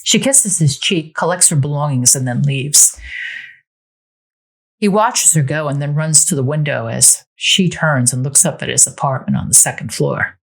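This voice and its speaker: Woman host narrating a Sims story, husky low voice, very animated reading. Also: normal speed.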